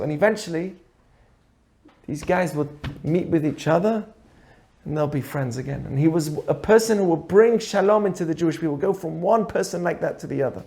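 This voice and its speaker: High-voiced man teaching an ethics lesson. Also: brisk, gravelly, dark tone. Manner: acts out dialogue in quoted voices; asks the audience rhetorical questions. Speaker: Torah teacher.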